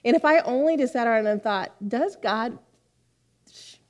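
A woman's voice: a little high, lively intonation, a little fast. A woman preaching a sermon to her church in a conversational, heartfelt way, with frequent asides. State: near tears for a moment. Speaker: pastor.

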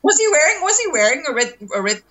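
A woman in casual podcast chat, reacting quickly and restarting sentences as she talks. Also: high voice, very animated, fairly bright tone.

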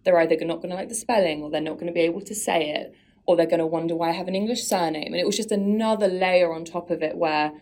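Speaking quickly in a lowish, slightly mellow voice, a female podcast guest talks openly about her life. Her manner is reflective and casual, and she frequently laughs at herself.

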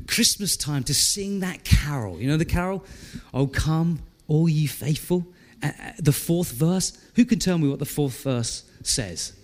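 A male pastor preaching a sermon in a conversational, animated way, asking the congregation questions. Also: sits high. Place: church.

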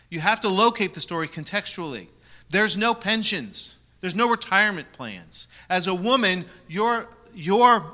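A man preaching a sermon as pastor, repeating key words for emphasis and moving between loud stresses and soft asides. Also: high-pitched.

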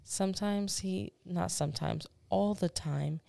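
A woman with a low, gravelly voice chats with a co-host on a podcast. She tells stories with energy and laughs often. The sound is close and dry. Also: measured pace, dry recording. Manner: animated storytelling, acts out voices, laughs often. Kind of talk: casual chat.

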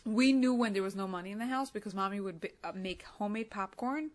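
A woman's voice: medium pitch, quick pace. A woman in her thirties, a podcast guest chatting casually, who tells stories with an assertive, authoritative manner. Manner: assertive, authoritative, animated storytelling. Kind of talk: casual chat.

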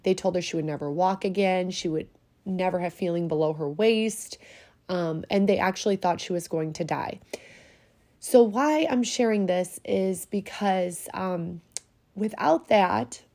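A woman's voice: fairly low pitch, a little slow, dark tone. A middle-aged woman hosting a podcast, speaking heartfelt and getting choked up as she pays tribute. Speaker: podcast host. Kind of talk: personal tribute monologue.

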